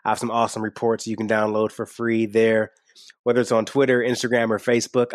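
A man's voice: lowish voice, monotone, fast talker, no room sound, studio quality. A man with a slight twang, candidly answering interview questions on a podcast in an earnest, upbeat way. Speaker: podcast guest and host. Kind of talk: conversational interview.

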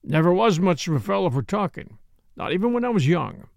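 A man playing a gruff, clipped hunter. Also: high voice, very animated, brisk, a little mellow, no room sound, heavily acted. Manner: clipped, curt, drops words. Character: gruff, terse, plain-spoken middle-aged male hunter.

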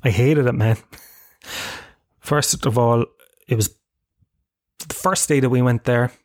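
A man's voice: mid-range voice, slow pace, no echo, clean studio sound. An Irish man in his thirties hosting a solo podcast, telling rambling, profane, self-mocking stories in casual chat. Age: 30s. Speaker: podcast host.

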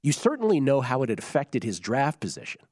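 A man co-hosting a casual sports chat, voice hoarse and giving out, talking in a conversational way and explaining background. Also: medium pitch, huge pitch swings, brisk, darkish tone, no echo, clean studio sound. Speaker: podcast co-host.

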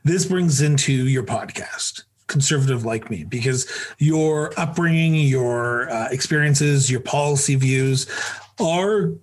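Husky canadian guy hosting an interview, rambling hesitant questions. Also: mid-range voice, a little slow. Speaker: interviewer, show host. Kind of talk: conversational interview.

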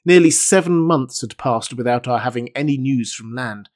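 A man narrating a classic novel in the first person, with a measured and formal delivery. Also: mid-range voice. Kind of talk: audiobook reading of a classic novel.

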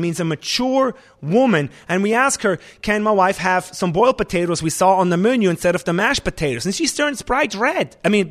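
A man, a restaurant chef and owner, talking in an animated, emphatic way in a casual interview. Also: sits high.

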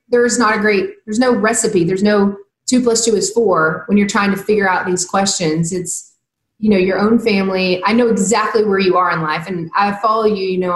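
A woman who works as a TV news anchor, talking earnestly and reflectively as a guest in a casual interview and giving advice. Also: medium pitch. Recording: roomy echo.

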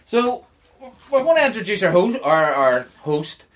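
A man's voice: high-pitched, very animated, measured pace. A man with a Northern Irish accent hosting a podcast, joking and laughing as he chats. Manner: jokey, laughing, rambling. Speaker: podcast host. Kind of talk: casual chat.

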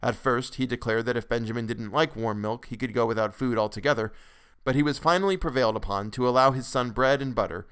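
Smooth-voiced male story narrator. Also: medium pitch. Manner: measured, expressive delivery. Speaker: podcast host and narrator. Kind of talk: dramatic storytelling reading.

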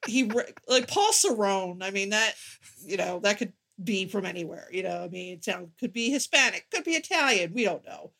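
A woman's voice: medium pitch, animated, normal speed, creaky, a bit bright. A woman co-hosting a podcast in casual chat, often repeating words while gathering her thoughts. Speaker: podcast co-host.

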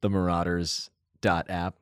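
Very deep-voiced man, dry humor. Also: flat delivery, a little slow, fairly bright tone, smooth, no echo. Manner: dry humor, hesitant with many ums. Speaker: podcast guest. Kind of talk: casual group chat.

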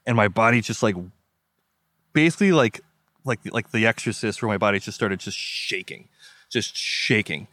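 A man from the American Midwest recounts a story as an interview guest, vivid and emphatic, voicing his own thoughts aloud. His voice sits fairly low. The sound is dry and close. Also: lively intonation, moderate pace, bright, forceful tone, dry recording. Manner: vivid, emphatic retelling with acted-out inner quotes. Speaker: guest telling a hiking story.

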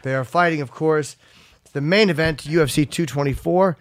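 A man hosting a sports podcast, chatting casually in a rambling, profane, animated way. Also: a little high, moderate pace. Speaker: podcast host.

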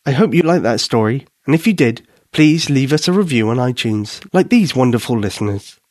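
A man's voice: mid-range voice, expressive, a little fast, darkish tone, dry recording, studio quality. A man narrating a children's bedtime story and hosting a podcast, in a soothing voice.

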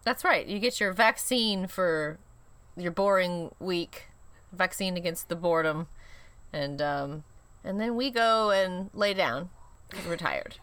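A woman's voice: fairly low pitch, slow pace, a bit bright, smooth. A woman co-hosting a podcast in a casual chat, playful and giggly, often teasing herself. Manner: playful, giggly, self-mocking. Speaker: podcast co-host.

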